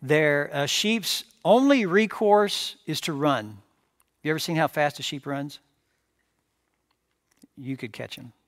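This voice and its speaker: A man's voice: a little high, expressive, slow pace, pauses often, a bit bright, no room sound. Emphatic male preacher, dry sound. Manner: emphatic, repeats phrases, rhetorical questions. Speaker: pastor. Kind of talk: sermon. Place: church sanctuary.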